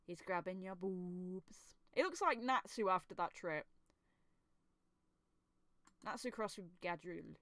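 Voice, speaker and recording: A woman's voice: on the low side, expressive, takes it slowly, pauses often, fairly bright tone, no room sound. A young woman giving casual reaction commentary on a manga chapter, swearing freely and laughing often.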